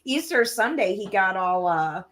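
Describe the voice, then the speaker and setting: A woman co-hosting a casual podcast, her voice swinging up and down as she recounts everyday stories. She acts out the texts and replies in each story, with a mid-range pitch and an animated, conversational delivery. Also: measured pace. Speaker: podcast co-host. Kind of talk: casual chat.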